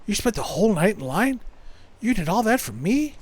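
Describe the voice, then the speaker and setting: A man voicing an excitable young woman thrilled by a birthday gift, reading game dialogue in a raised, gushing tone. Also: sits high, normal speed, voice pushed up.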